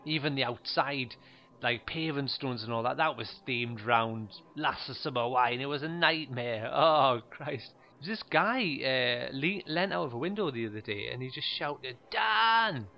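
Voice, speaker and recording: A man telling stand-up stories in a deadpan, rambling way, full of fillers. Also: mid-range voice, moderate pace, highs cut off. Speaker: stand-up comedian. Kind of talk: stand-up monologue.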